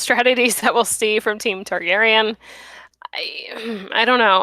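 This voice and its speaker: A woman's voice: medium pitch, pushed and bright, smooth, no room sound. A woman hosting a live online chat show, talking casually with lots of fillers and giggles. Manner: chatty, giggly, many fillers. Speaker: host.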